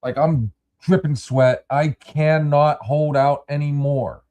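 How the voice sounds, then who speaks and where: A man's voice: fairly high pitch, fairly even intonation, takes it slowly, dark tone. A man hosting a casual podcast chat, rambling and repeating words as he addresses his listeners. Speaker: podcast host.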